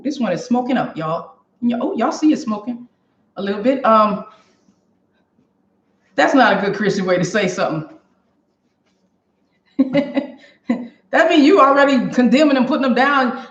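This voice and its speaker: A woman hosting a casual live cooking stream from her home kitchen, chatting straight to her viewers. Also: fairly high pitch. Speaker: cooking show host. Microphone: camera on a stand for a live stream. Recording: roomy, dull kitchen sound.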